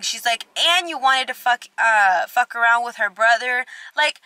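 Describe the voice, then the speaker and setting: Young woman, storytime vlog, a bit high voice, expressive, swears, acts out dialogue. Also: normal speed, few pauses, dry recording. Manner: expressive, swears a lot, acts out both sides. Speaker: vlogger.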